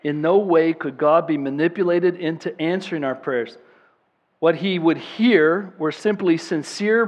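Man, pastor, sermon, high-pitched voice, impassioned, emphatic repetition, loud-to-quiet swings. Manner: repeats words for emphasis.

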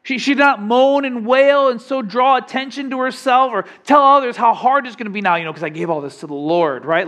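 A man's voice: very high voice, a little fast, fairly bright tone. A young adult man preaching a sermon in a conversational way, often asking the congregation questions. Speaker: pastor.

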